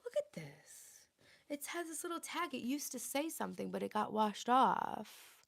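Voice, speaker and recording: A woman's voice: a little high, very animated, moderate pace, vocal fry. A woman in her thirties chatting playfully with viewers on a casual home livestream. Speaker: livestream host. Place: home, indoors.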